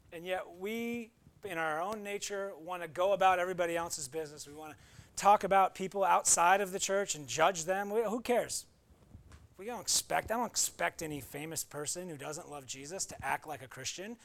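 Male pastor, high voice with gravel, earnest conversational preaching with emphatic bursts. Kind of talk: sermon.

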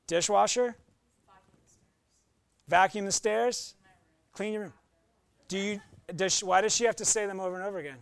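High-voiced playful male pastor. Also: normal speed, vocal fry, long pauses, no echo. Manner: playful, acts out voices and quotes. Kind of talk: sermon.

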